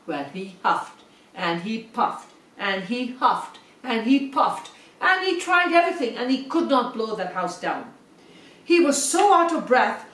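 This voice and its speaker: A woman telling a story to children, animated and talking directly to her young listeners. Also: on the high side, far from the mic. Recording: roomy echo, set back from the mic.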